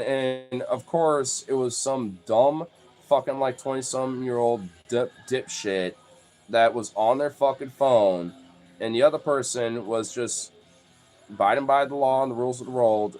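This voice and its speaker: A man's voice: mid-range voice, moderate pace, a little mellow, faint music behind. Profane, rambling young man. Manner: rambling, profane, many "like" fillers. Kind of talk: casual storytelling.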